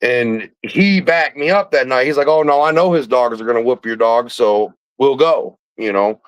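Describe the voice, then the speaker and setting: A man's voice: medium pitch, normal speed, clean tone, no echo, rough recording. A man hosting a podcast, telling a rambling, profane hunting story with laughs, in a casual chat. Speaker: podcast host.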